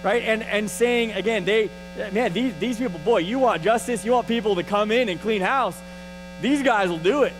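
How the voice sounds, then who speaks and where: A man teaches a Bible lesson in a loose, conversational way. He often restarts his sentences and keeps checking in with his listeners. His voice sits high for a man, and faint music plays underneath. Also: normal speed, rough recording. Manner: restarts and repeats words often. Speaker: church teacher.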